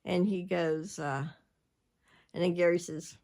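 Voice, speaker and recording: A woman's voice: fairly low pitch, fairly even intonation, takes it slowly, a little mellow. An older woman, chatting casually to her viewers and jumping from one subject to the next. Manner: rambling, chatty, jumps between subjects. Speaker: vlogger. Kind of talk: casual chat.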